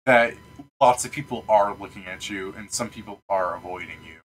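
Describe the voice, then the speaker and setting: A man's voice: lowish voice, moderate pace, slight background noise, poor audio. A man running a tabletop game as game master, talking casually and rambling with frequent laughs.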